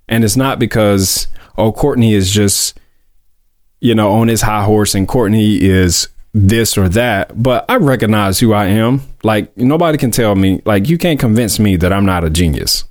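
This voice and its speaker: A man's voice: fairly low pitch, dry recording, clean studio sound. A man hosting his own podcast, talking earnestly and emphatically, stretching out key words as he makes his point. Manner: earnest, emphatic, drawn-out stresses; confident, heartfelt motivational talk. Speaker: podcast host. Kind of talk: casual solo podcast monologue.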